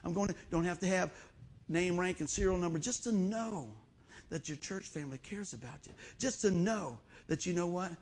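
A middle-aged man preaching a sermon as pastor, in a folksy, animated storytelling way. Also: high-pitched, moderate pace.

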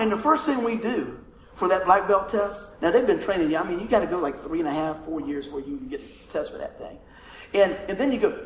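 Pastor guy, middle-aged, high-pitched, cracking himself up telling stories, echoey church sound. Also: a bit bright. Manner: folksy and humorous, laughs through stories. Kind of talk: storytelling sermon.

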